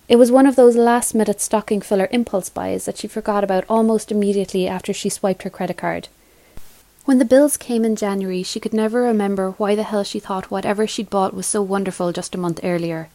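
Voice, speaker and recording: A woman reading a short story aloud in a measured, clear way. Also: medium pitch, dark tone, no echo. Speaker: reader.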